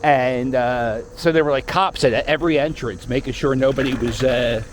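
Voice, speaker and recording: A man of medium pitch speaks at a moderate pace, riding a scooter outdoors through a park. His talk is a loose, wry running commentary dotted with story asides, and a little hiss or hum can be heard.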